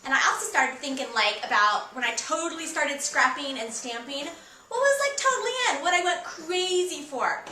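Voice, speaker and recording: A gushing 1980s valley girl, put on by a woman whose voice rides well above her own and rings bright. She gushes along, sprinkling "like" and "totally" everywhere. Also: high-pitched, echoey room, pitched above the performer's own voice, full character voice. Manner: peppered with "like" and "totally".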